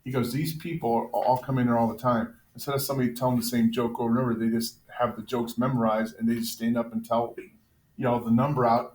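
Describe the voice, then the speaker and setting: Joking male teacher in an echoey classroom. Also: mid-range voice. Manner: joking, deadpan storytelling. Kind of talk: classroom talk with jokes. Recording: echoey classroom, faint noise.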